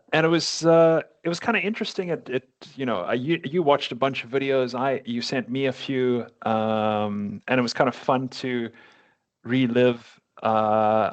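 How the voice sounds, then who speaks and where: A middle-aged man in relaxed podcast conversation, his pitch sitting in an ordinary middle range. He speaks haltingly, stopping and restarting as he hunts for the next word. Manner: halting, searching for words, frequent restarts. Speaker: podcast co-host. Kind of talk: casual podcast chat.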